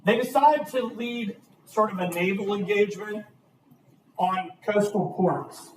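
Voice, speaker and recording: A man's voice: sits high, unhurried, slight background noise. A man teaching a history class, lecturing with energy and asking his students questions. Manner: lively, asks the class questions. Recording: roomy, distant classroom recording.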